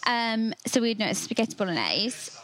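Chatty woman with a higher voice. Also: very animated, moderate pace, a bit bright. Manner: chatty, giggly, many fillers. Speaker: magazine web assistant, guest. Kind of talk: casual podcast chat.

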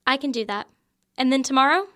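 A young woman acting a college student who lives in a frat house, quick to bicker, in an audio drama. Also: high-pitched, sharp tone. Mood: lively. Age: young adult.

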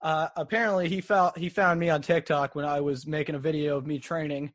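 A man's voice: fairly high pitch, fairly even intonation, brisk. A man interviewing a guest in casual chat, eager and enthusiastic, often restarting his sentences. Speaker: interviewer, fan host.

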